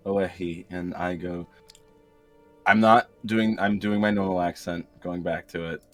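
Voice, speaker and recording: A man playing in a tabletop game, boisterous and excitable, cursing freely. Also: low-pitched, normal speed, faint music behind. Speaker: player.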